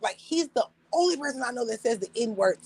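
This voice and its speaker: A woman's voice: on the high side, animated, fairly quick, darkish tone, breathy edge, no room sound, low-quality recording. A woman in her forties chatting casually on a livestream, telling blunt, profane stories and acting out quotes in other voices with frequent laughter. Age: 40s. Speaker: live streamer.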